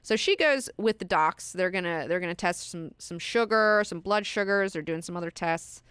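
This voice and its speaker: A woman's voice: lowish voice, normal speed, smooth, no room sound, clean studio sound. A young adult woman hosting a book class, casually retelling a horror novel with lots of swearing and fillers. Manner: profane, animated retelling with fillers. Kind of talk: casual book discussion lesson.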